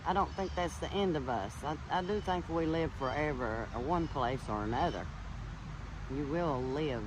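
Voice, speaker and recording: A man's voice: on the high side, normal speed, background noise. A man earnestly telling viewers a personal ghost story and insisting it is true. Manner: earnest, insistent, swears to be truthful.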